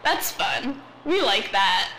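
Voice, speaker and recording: A woman's voice: fairly high pitch, big pitch swings, slow. A woman in her twenties on a casual podcast, hesitant with lots of ums and giggles. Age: 20s. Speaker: podcast co-host. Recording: noisy home recording.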